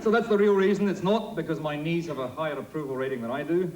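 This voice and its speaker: A Scottish man delivers a comic debate speech with punchy, jokey timing, his voice pitched a touch high. He speaks from a theatre stage. Loud noise hangs over the whole broadcast recording. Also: quick pace, muffled recording. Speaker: debater, politician. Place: theatre stage before an audience.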